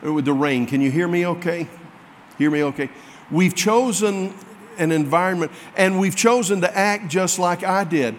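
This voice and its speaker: A man's voice: high voice, moderate pace, a little hiss or hum. A man preaching a sermon, telling a folksy, self-mocking story to his congregation. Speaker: pastor. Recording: long hall reverb.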